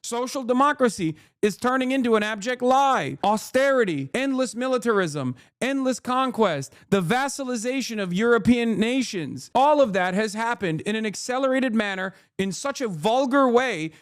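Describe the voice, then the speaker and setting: A male streamer rants at his chat in a raised, fairly high voice, swearing freely as he argues point after point. The sound is close and dry, with no room around him. He slips between loud tirades and quieter apologetic asides. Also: animated, moderate pace, hardly any pauses, clear, resonant tone, no room sound. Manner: profane, loud ranting, swings into apologetic asides. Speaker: live streamer and political commentator. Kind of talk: heated live-stream commentary to chat.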